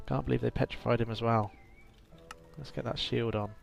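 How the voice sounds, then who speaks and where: A man's voice: mid-range voice, steady tone, a little fast, vocal fry, highs cut off, faint music behind. A man commentating on his own gameplay with dry, self-mocking asides. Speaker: let's play host. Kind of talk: game commentary.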